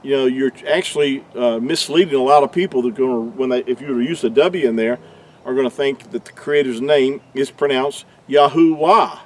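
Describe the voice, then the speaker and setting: A man teaching on a religious subject in a deliberate, explanatory way, his voice sitting at an ordinary middle pitch for a man. He stumbles and repeats words now and then as he thinks aloud. The mic is set some distance away, so he sounds a little removed. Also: a little mellow, slight background noise. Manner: halting, repeats and restarts words.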